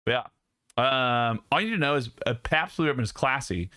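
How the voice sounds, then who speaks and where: A man's voice: mid-range voice, expressive, normal speed, pushed and bright, clear, resonant tone, no echo, studio quality. Joking young man hosting a stream. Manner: jokey, laughing, rambling. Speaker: streamer host. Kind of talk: casual chat with stream viewers. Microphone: studio mic.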